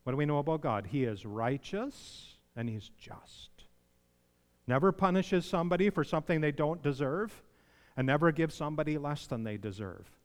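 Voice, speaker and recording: A man's voice: fairly high pitch, lively intonation, moderate pace. A man preaching a sermon, conversational and then emphatic, asking his listeners questions. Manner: conversational, rising to emphatic pleading when voicing others. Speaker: pastor. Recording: long hall reverb.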